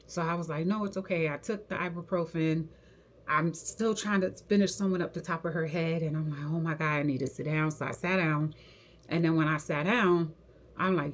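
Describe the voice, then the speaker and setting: A young adult woman, a hair stylist, casually telling a personal story to camera in a slangy, animated way and acting out what people said. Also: sits low, fairly quick.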